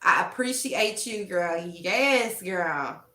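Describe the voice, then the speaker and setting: A young adult woman hosting a casual tarot livestream, animated and laughing often as she talks straight to her chat. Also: medium pitch, takes it slowly, reverberant. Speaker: tarot reader and livestream host.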